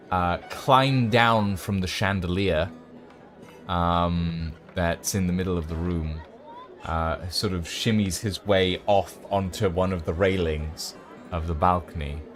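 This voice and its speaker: A man running a tabletop game as game master, narrating scenes with many fillers and pauses. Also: deep voice.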